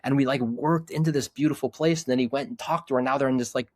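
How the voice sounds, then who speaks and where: An earnest, reflective middle-aged man talking as a podcast guest, often restarting his sentences. His voice sits at an ordinary male pitch. The recording is dry and close, with no room sound. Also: fairly even intonation, fast, darkish tone, dry recording. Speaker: podcast guest, men's group leader. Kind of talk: casual conversation.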